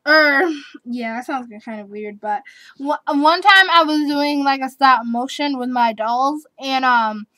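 A woman's voice: sits high, unhurried, sharp tone, no room sound. An eleven-year-old girl chatting casually on her vlog, giggly and rambling, repeating herself as she answers tag questions. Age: child, eleven. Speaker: vlogger.

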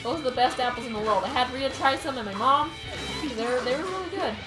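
A young woman co-hosts a casual game stream, rambling and enthusiastic as she tells stories. Her voice is very high. Game music plays loudly underneath her. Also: fast, reverberant. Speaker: stream co-host, host's sister. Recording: loud game music behind.

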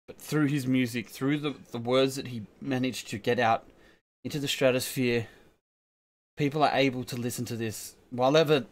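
An Australian man hosting a reaction video, talking emotionally and casually, swearing a lot and restarting sentences. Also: mid-range voice.

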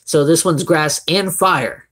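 A man's voice: fairly high pitch, slow, a bit bright, slightly rough. A young man from Florida with a Floridian Southern accent, chatting casually on a live stream as he opens card packs and greets viewers by name.

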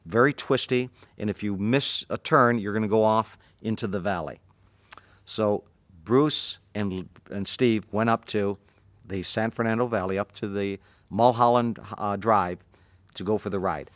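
Animated male martial arts storyteller. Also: fairly low pitch, a little slow, no room sound. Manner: animated, acts out the voices in his story. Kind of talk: anecdotal storytelling.

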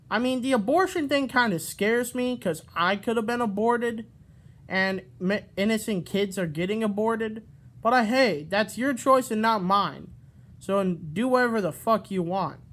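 A man's voice: high-pitched, fairly bright tone. Man, ranting vlog, swears a lot, rambles, restarts his sentences, talking into a camera mic. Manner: profane, rambling, restarts and corrects himself.

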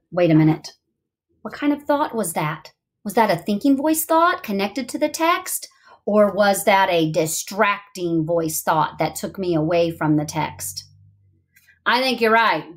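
A middle-aged woman teacher giving a remote reading lesson to young children, thinking aloud in an expressive, sing-song way. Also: mid-range voice, measured pace.

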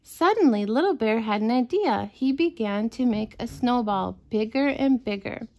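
A woman reading a bedtime story aloud to children, gentle and expressive. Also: on the high side, normal speed, highs cut off.

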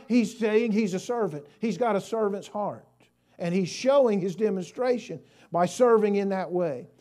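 A male pastor preaching a sermon in church, moving from quiet storytelling to loud, fervent praise. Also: very high voice. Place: church sanctuary.

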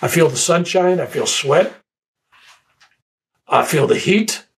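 An older man telling the personal story of his out-of-body experience, halting and repeating words as he searches for them. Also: a little high, lively intonation, a little hiss or hum, poor audio. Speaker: interviewee.

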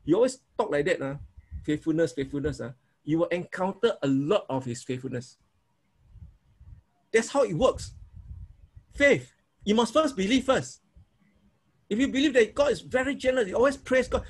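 A man's voice: high voice, big pitch swings, moderate pace, long pauses, slightly rough. A man teaching a sermon on prayer, repeating himself and acting out prayers in an informal way. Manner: repetitive, informal, demonstrates prayers aloud. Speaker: preacher.

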